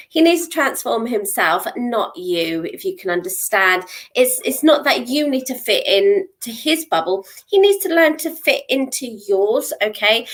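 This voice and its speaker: A middle-aged woman with a voice pitched a little high gives live psychic readings. She talks in a reassuring, encouraging way and keeps checking in with her listener. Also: fairly bright tone. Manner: reassuring, checks in with frequent "okay?". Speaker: psychic reader.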